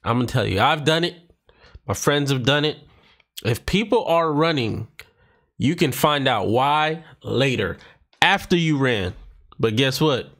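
A man's voice: mid-range voice, animated, unhurried, long pauses, fairly bright tone. A man hosting a reaction video, casually commenting on a stand-up clip and repeating the lines he liked. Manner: chatty, repeats punchlines he likes.

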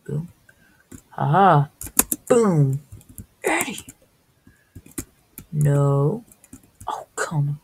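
A woman's voice: low-pitched, a little slow, pauses often, a little mellow, a little hiss or hum, low-quality recording. A woman hosting a casual let's-play video, exclaiming and gasping at the game. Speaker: gaming video host.

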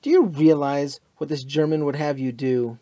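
A man's voice: sits high, huge pitch swings, a little fast, dark tone, no echo, voice pushed up, full character voice. A man reading the lines of an appalled, earnest American pilot in an audiobook, with impassioned force.

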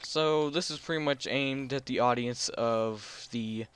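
A man's voice: medium pitch, a little slow, fairly bright tone, a little hiss or hum. A man hosting a casual video game let's play, talking through what he sees in a rambling, unsure, self-deprecating way. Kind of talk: casual gameplay commentary.

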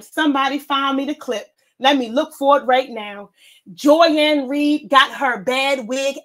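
A woman's voice: high voice, a bit bright. A woman hosting a vlog, delivering a heated, profane, confrontational rant. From United States. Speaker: vlog host. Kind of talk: ranting commentary monologue.

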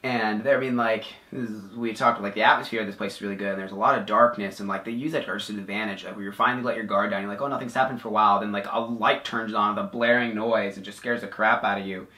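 A man casually reviewing a haunted attraction, excited and rambling with lots of "like". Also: fairly low pitch, quick pace, few pauses, echoey room.

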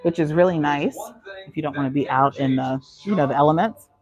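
A woman's voice: deep voice, brisk, darkish tone, lo-fi sound, faint music behind. A woman vlogger giving a chatty live walking tour of a cruise ship, answering chat questions, a little out of breath. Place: aboard a cruise ship, indoor decks.

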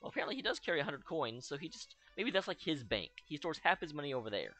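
This young let's play host has a fairly high, bright, forceful voice that moves at a quick pace with big pitch swings. He chats casually through his playthrough with sarcasm and jokes, reacting in wide ups and downs while faint game music plays beneath.

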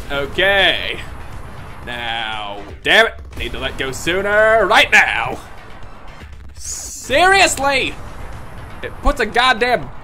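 A man doing angry gameplay commentary, ranting, yelling and cursing at the game, then muttering low under his breath between outbursts. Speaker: gaming video creator.

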